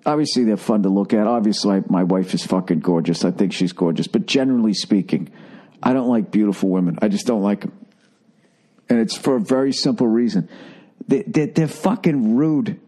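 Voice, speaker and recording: A man's voice: fairly low pitch, brisk, dark tone, husky. A middle-aged man hosting a podcast, ranting with exasperated, profane comic energy. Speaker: podcast host. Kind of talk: comedic rant.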